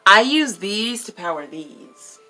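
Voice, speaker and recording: Woman vlogger, casual and outspoken, crisp bright voice, curses for emphasis. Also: medium pitch, animated, slow pace, faint music behind. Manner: blunt, profane, emphatic. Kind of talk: casual chat.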